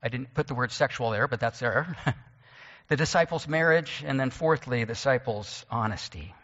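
A man's voice: mid-range voice, normal speed, fairly bright tone, big-room sound, highs cut off. A man preaching a sermon as a pastor, explaining scripture in a conversational way with occasional joking asides. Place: church sanctuary.

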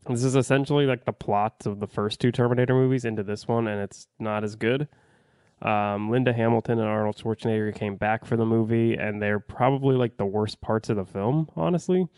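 A man with a lowish, smooth voice rants through a movie review with blunt swearing and lots of fillers. He is recorded close and dry, with no room sound. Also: brisk, darkish tone, dry recording. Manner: blunt, profane, rambling with fillers. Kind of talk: casual spoken review.

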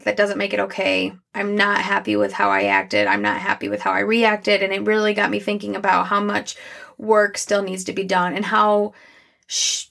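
A young woman speaks openly and reflectively in a podcast monologue. Her mid-range voice has a gravelly, fry-laden texture. She talks haltingly, restarting her sentences and filling gaps with "like.". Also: mid-range voice, bright, forceful tone. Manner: candid, halting, many restarts and "like" fillers. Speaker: podcast host.

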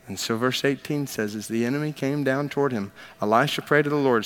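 A man's voice: medium pitch, moderate pace. A man preaching a sermon as pastor, reading scripture aloud and talking it through in an emphatic, conversational way with joking asides. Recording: long reverb of a large hall.

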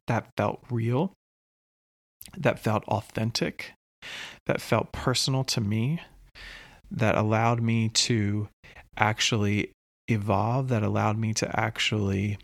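A man hosting his own podcast, talking slowly and earnestly in a reflective solo monologue with long pauses. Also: lowish voice, fairly even intonation, creaky, a bit bright, dry recording, studio quality. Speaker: podcast host.

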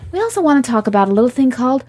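Candid higher-voiced woman podcast co-host. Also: very animated, rapid-fire, darkish tone. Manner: candid, laughing, swears freely. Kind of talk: casual chat over cocktails.

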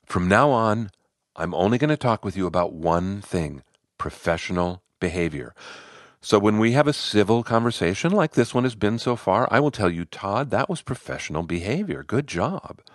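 A man plays an earnest male manager being coached, eager and a bit unsure of himself. His voice rises in surprised questions, with a lively, up-and-down pitch, and sounds dry and close. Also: normal speed, no room sound, natural voice. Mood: rehearsing.

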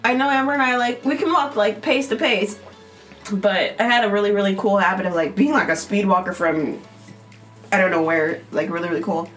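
A woman's voice: medium pitch, a little fast, fairly bright tone, faint music behind. A woman co-hosting a podcast, chatting casually and giggling as she talks. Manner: giggly, laughs while talking. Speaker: podcast co-host. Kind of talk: casual chat.

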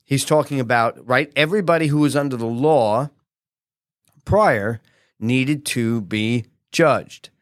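A male pastor gives a conversational sermon at an unhurried pace, often tossing tag questions to his listeners and acting out quotes with animation. His voice sits at an ordinary middle pitch, and the sound is close and dry with no room echo.

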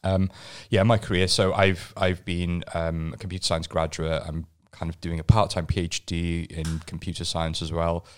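Deep-voiced man, halting podcast guest. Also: flat delivery, smooth. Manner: halting, repeats words when starting. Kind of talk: casual podcast interview.

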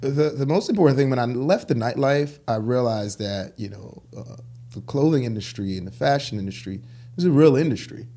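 A man's voice: medium pitch, a little fast, slightly rough. A man telling stories about his business in a casual interview, acting out the dialogue he quotes. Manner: animated, acts out quoted dialogue. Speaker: guest, clothing store founder.

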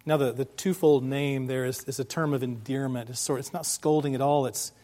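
A man's voice: mid-range voice, steady tone, a little fast, warm tone. A man preaching a sermon to his congregation in a conversational way, often asking them questions. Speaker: pastor.

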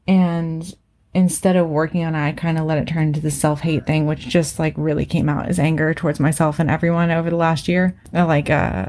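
A woman's voice: deep voice, a little mellow. A woman in her thirties talking candidly with a co-host about shame and parenting, emotional and loose, peppered with fillers and casual swearing. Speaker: podcast co-host. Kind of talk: candid personal conversation.

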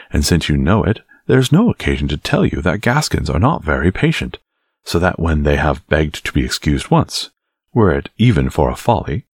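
Brief: quick-tempered young Gascon swordsman in a period storybook, read by a husky man. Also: deep voice, no echo, full character voice.

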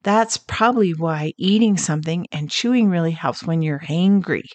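A woman hosting a counseling podcast, calmly teaching and telling stories about clients. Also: lowish voice, moderate pace, dry recording. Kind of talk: scripted teaching talk with stories.

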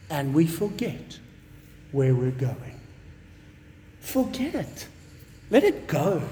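Animated high-voiced man preaching a sermon. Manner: emphatic, animated, with conversational asides. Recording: long reverb of a large hall.

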